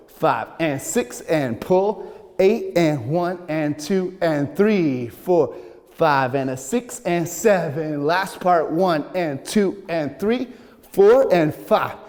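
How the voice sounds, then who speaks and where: Young man, dance instructor, counting beats while dancing, out of breath, slightly high voice, long studio reverb. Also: animated, slow pace, darkish tone. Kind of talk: dance tutorial, counting out moves. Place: large echoey dance studio.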